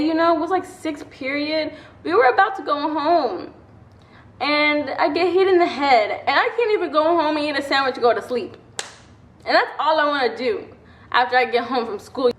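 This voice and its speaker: Chatty young woman in an echoey room. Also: fairly high pitch. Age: young adult. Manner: chatty, animated, acts out quotes, laughs often. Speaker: vlogger. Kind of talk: casual storytime.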